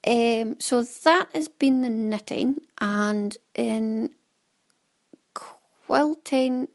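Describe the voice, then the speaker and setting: A woman's voice: on the high side, very slow. Chatty woman rambling about her crafts. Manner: rambling and chatty, often trails into soft asides. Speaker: knitting podcast host. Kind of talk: casual chatty monologue.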